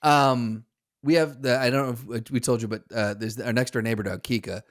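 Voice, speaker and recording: A man's voice: medium pitch, fairly even intonation, moderate pace. A man co-hosting a casual podcast, rambling through his stories with restarts and chuckles. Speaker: podcast co-host. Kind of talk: casual chat.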